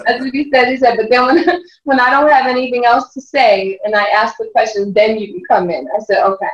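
A woman, a mother and life coach, telling stories in an interview, animated and often laughing as she acts out what others said. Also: a little high, a little fast. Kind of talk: storytelling interview chat. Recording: roomy, distant, dull lo-fi sound.

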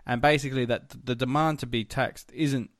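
A man's voice: mid-range voice, fairly even intonation, a little fast, dry recording, clean studio sound. A man co-hosting a podcast, recapping a TV episode in rambling casual chat, swearing freely. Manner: rambling and profane, with filler words. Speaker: podcast co-host.

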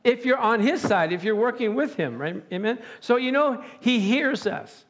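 A man preaching a sermon, animated and chuckling often, calling out to his congregation. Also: very high-pitched, moderate pace.

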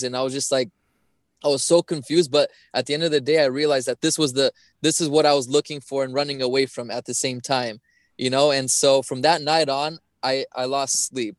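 A man's voice: medium pitch, fairly even intonation, fairly quick, no room sound. A young man giving an earnest personal testimony as a podcast guest, often repeating and restarting his phrases.

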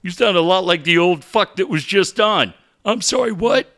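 A man's voice: high voice, normal speed, a bit bright, pitched below the performer's own voice. A man voicing a cranky old male caller who rambles about local nobodies in a quavering old-timer manner.

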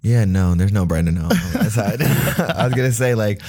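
A man's voice: fairly low pitch, big pitch swings, normal speed, mellow, husky. A man in a casual chat who gives short, laid-back replies and drops profane asides.

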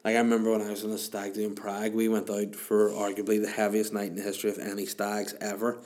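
A man's voice: lowish voice, monotone, fast, darkish tone. A man, hosting a casual chat show and answering listener questions in a rambling, crude, self-mocking way.

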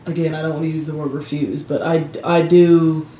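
A woman with a fairly low voice talks bluntly on a casual podcast. She swears freely and laughs at herself. The room is echoey around her. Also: steady tone, fairly quick, mellow. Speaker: podcast co-host. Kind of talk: casual chat.

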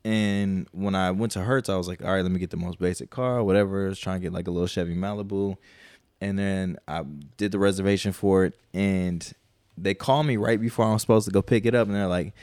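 A man's voice: sits low, steady tone, a little fast, darkish tone, clean tone, no echo. A man co-hosting a podcast, telling a long, profane story in a casual, rambling way and quoting people as he goes. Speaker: podcast co-host.

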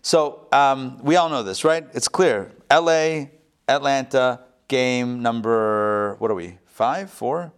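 A rabbi giving a live Torah class, animated, with joking asides and quick self-corrections. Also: male voice, medium pitch, clean tone.

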